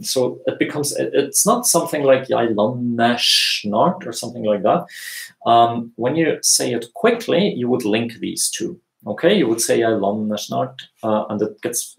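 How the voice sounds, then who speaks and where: Creaky-voiced man teaching from home. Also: medium pitch. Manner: explains patiently, many fillers and restarts. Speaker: language teacher. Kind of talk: live Q&A lesson. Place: home room at dusk. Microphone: earphones with mic. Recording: echoey room.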